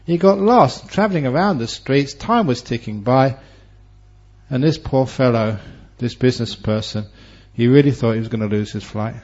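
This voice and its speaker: A man who is a Buddhist monk teacher, giving a Dharma talk and telling stories with humor and lively, varied delivery. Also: medium pitch, moderate pace. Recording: dull lo-fi recording.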